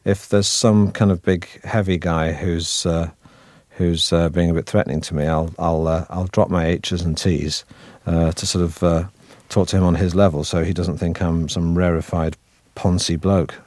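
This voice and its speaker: A man with a Manchester accent talks through an interview as a guest actor. His voice sits very low, and he keeps a wry, self-deprecating tone while winding through thoughts with restarts. The sound is dry and close. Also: steady tone, moderate pace, few pauses, darkish tone, dry recording. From Manchester, northern England. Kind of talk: relaxed interview chat.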